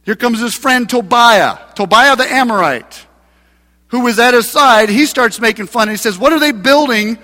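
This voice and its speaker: A male pastor preaching a sermon in a church, emphatic and building to loud passages. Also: very high voice, moderate pace. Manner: preaching with rising, emphatic mocking voices for scripture. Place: church sanctuary. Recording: long hall reverb.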